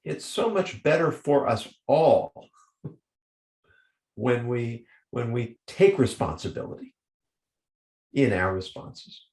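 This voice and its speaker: A man's voice: medium pitch, big pitch swings, slow pace, pauses often, darkish tone, reverberant. A man co-hosting a podcast, speaking reflectively over a video call. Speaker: podcast co-host. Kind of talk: conversational interview.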